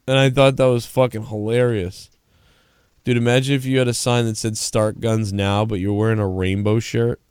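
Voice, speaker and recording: A man's voice: mid-range voice, steady tone, brisk, darkish tone, clean tone. A young adult man chatting crudely on a live show, tired and drunk, rambling and swearing with lots of laughs. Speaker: podcast co-host. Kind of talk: crude casual banter.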